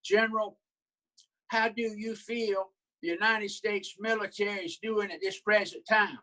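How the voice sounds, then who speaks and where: A man with a Southern US accent putting on an elderly, confused Southern senator with a slow old drawl. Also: high-pitched, fairly even intonation, pushed and bright, voice pushed up, low-quality recording. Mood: earnest.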